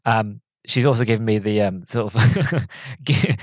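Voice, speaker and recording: Animated young man, dry close sound. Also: no echo. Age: 20s. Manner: animated, rambling, with many restarts and quick pitch jumps. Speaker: podcast host. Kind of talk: casual solo movie review podcast.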